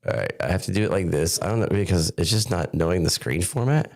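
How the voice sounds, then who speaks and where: A man's voice: low-pitched, big pitch swings, fairly quick, vocal fry, a little mellow. A man co-hosting a live-streamed podcast, chatting casually and narrating aloud while he fumbles with his phone and screen. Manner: rambling, narrates what he does on screen. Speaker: podcast co-host.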